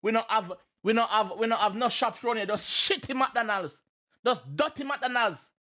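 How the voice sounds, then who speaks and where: A Jamaican man with a high, lifted voice reacts to a track in animated patois. He jokes, shouts and chants, with his energy spilling over. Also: normal speed. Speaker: reaction video host.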